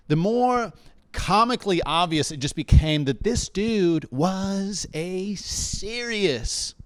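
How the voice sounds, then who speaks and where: A man's voice: on the high side, dry recording. A young man performing a stand-up comedy set on a comedy bar stage. He talks conversationally and keeps checking in with the crowd.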